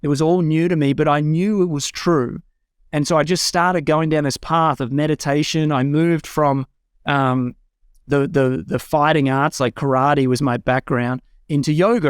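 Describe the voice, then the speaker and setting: A man's voice: a little high, moderate pace, clear, resonant tone, no echo, clean studio sound. Earnest man telling his life story. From Australia. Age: 40s. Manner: earnest, frank storytelling that lifts into excited self-quotes. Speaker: guest. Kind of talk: personal life story told in conversation. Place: home room with a bookshelf.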